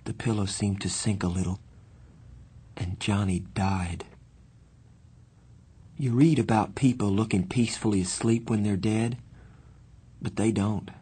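A man reading a novel aloud in the first person, with measured, earnest storytelling. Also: on the low side, warm tone, husky. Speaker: audiobook narrator.

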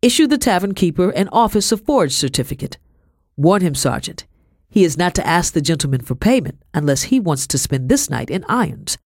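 A woman's voice: on the low side, sing-song, a little fast, a little mellow, no echo, clean studio sound, pitched above the performer's own voice. A stern British captain, as a woman reads him. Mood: commanding. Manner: formal, clipped commands. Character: stern male British army captain, clipped and formal.

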